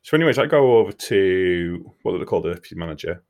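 A man's voice: sits low, fast talker. A man telling a crude comic story in casual chat, swearing freely. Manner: animated, swearing, laughing storyteller.

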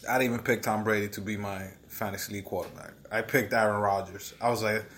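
A man's voice: lowish voice, fairly even intonation, quick pace, a bit bright. A young man co-hosting a podcast in casual chat, rambling and repeating words, livening up when he recalls past fights. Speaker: podcast co-host.

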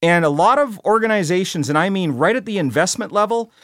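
A man's voice: high voice, lively intonation, fairly quick, a bit bright, no room sound. A middle-aged man hosting a podcast in a studio, talking bluntly and casually, often restarting and repeating words. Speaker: podcast host. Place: recording studio.

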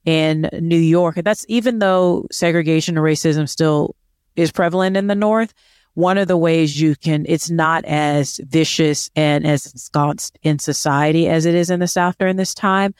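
A woman's voice: low-pitched, normal speed, a little mellow, clear, resonant tone, no echo, studio quality. Earnest, emphatic woman co-host. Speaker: podcast co-host. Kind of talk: casual chat.

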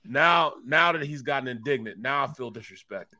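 Animated storytelling male sports host. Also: mid-range voice, brisk. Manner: animated, repeats words when worked up. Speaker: co-host, former football player. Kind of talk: casual sports talk storytelling.

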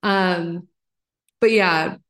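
A woman in her thirties, a psychologist guest on a podcast, explaining ideas in an animated, excited way. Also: fairly low pitch, very slow. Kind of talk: podcast interview.

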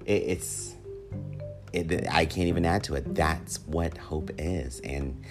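Speaking slowly in a very deep voice, this podcast host chats casually on his own show, cheerful but meandering and repetitive, full of fillers and a little whiny. Guitar music runs beneath the recording.

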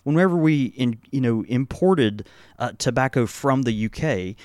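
A man's voice: mid-range voice, lively intonation, moderate pace, a little mellow, dry recording, studio quality. An American man hosting a pipe tobacco podcast, rambling with many fillers and restarts. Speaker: pipe tobacco shop host. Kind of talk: casual podcast chat.

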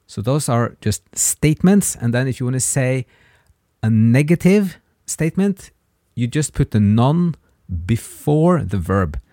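A man hosts a casual podcast lesson in a lively, swinging voice. He is patient and says words slowly for learners to repeat. The sound is dry and close. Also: medium pitch, no echo. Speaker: language teacher, podcast host.

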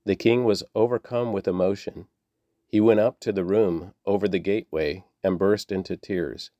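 A man reading scripture aloud in a steady, measured way. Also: low-pitched, no room sound, muffled recording. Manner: steady, measured, with small slips. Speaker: Bible reader.

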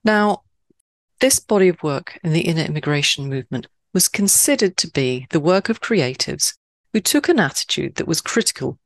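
A woman from Switzerland hosting a poetry podcast in scripted narration, stressing key words with sudden high leaps. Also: very animated, moderate pace, dry recording.

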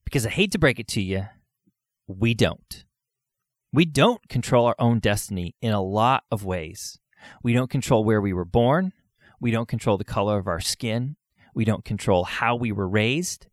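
A man's voice: on the low side, animated, normal speed, dry recording, studio quality. A man hosting a solo podcast, talking earnestly and asking his listeners rhetorical questions.

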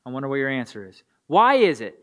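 A man's voice: mid-range voice, big pitch swings, quick pace. A man preaching a sermon to young listeners, earnest and posing rhetorical questions. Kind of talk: sermon to a youth audience.

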